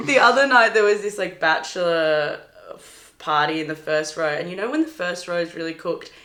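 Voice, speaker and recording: A woman's voice: on the low side, moderate pace. A young woman from Australia, a comedian chatting casually and telling stories, acting out quotes and laughing often. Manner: animated storytelling, acts out quotes, laughs often. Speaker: comedian and guest. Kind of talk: casual chat. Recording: echoey room.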